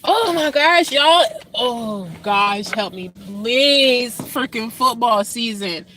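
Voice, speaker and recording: A woman hosting a reaction video, talking casually and profanely, mocking people loudly and then sighing tiredly about her kids' football season. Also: fairly high pitch, expressive, slow pace, a little hiss or hum. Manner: brash, profane, swings between loud mockery and tired sighs. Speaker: football mom.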